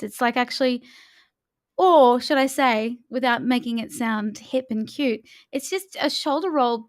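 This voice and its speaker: A woman vocal coach leading a morning warm-up, chatty and encouraging as she talks the listener through each step. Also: on the high side.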